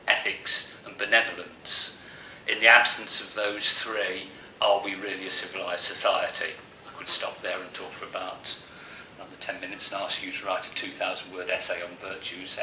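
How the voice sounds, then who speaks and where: A man's voice: fairly low pitch, bright, forceful tone. A man giving a live masterclass talk to a room of analysts, joking and asking the audience questions. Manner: jokey and conversational, asks the audience questions. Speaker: masterclass presenter. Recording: echoey room from far off, faint hiss.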